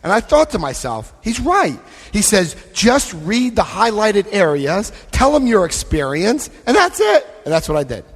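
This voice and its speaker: A man giving a lively recovery talk to a live convention audience, acting out scenes and voicing quotes. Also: high voice, moderate pace, breathy edge. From United States. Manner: animated, acts out scenes, shifts voice for quotes. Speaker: AA convention speaker. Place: convention hall. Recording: long hall reverb.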